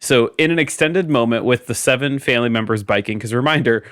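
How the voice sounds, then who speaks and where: A man pitching an idea to a comedy panel with excitement, laughing now and then. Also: quick pace, no room sound, studio quality. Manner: excited, breaks into sung quotes and laughs. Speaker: podcast panelist.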